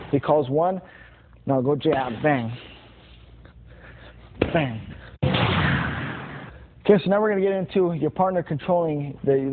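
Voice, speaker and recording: A boxing instructor demonstrates combinations, calling out each punch and counting through the moves in plain, repetitive instruction, with punch sounds audible. His voice sits a bit high. The audio is thin and phone-like, with steady noise underneath.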